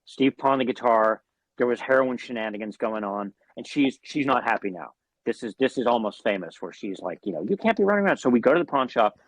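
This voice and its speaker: A man's voice: medium pitch, brisk, no room sound, poor audio. Rambling, profane male storyteller. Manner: rambling, profane, frequent fillers and restarts. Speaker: guest musician. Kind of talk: casual storytelling interview.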